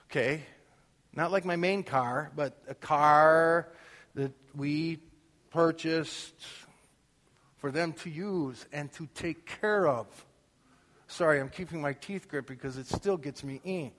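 A middle-aged preacher tells a story from the pulpit in a voice that sits a little high for a man. He plays every quoted line out loudly and pokes fun at himself. His voice rings with the long reverb of a big hall. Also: takes it slowly. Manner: animated, acts out quotes loudly, self-mocking humor. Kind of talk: storytelling sermon.

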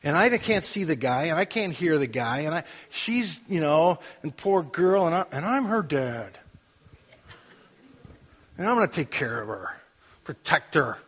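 Middle-aged guy, kinda high voice, telling a story all animated, lots of "you know", big hall echo behind him. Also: unhurried, slightly rough. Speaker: father telling a personal story. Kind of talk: personal storytelling, sermon-like talk.

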